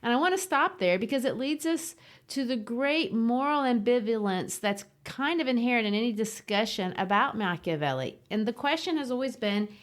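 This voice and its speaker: A woman co-hosting a literature podcast, explaining ideas in a thoughtful, lively way. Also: fairly high pitch, moderate pace. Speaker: podcast co-host. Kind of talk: casual literary discussion.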